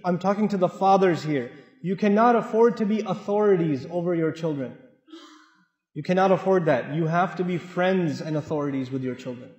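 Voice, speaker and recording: A man giving an earnest, conversational sermon to a mosque audience, moving between loud emphasis and quiet asides. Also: sits high. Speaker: Islamic speaker. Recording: echoey hall, dull lo-fi sound.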